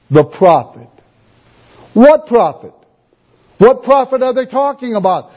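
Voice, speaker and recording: High-voiced preacher man, emphatic. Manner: emphatic, repeating rhetorical questions. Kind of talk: sermon. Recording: dull lo-fi recording.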